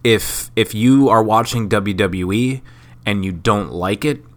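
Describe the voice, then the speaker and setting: A man's voice: on the low side, a little slow. A sick man hosting a solo podcast, rambling in a profane, self-mocking way. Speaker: podcast host. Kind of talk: casual solo podcast monologue.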